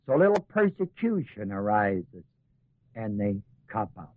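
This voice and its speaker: A man's voice: on the low side, big pitch swings, a little slow, no room sound. A man teaching a Bible class in sermon style, acting out the voices of doubters in asides and then pressing his points with rising emphasis. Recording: tinny lo-fi old tape, dry.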